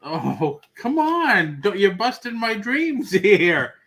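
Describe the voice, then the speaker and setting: A man's voice: high-pitched, sing-song, takes it slowly, a bit bright. A man hosting a talk show, asking eager questions and laughing along. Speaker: host. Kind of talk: casual chat.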